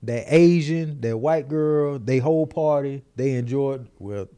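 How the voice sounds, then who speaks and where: A man casually telling a comedic story, animated and acting out the people in it. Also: mid-range voice, measured pace, smooth. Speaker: storyteller on a podcast.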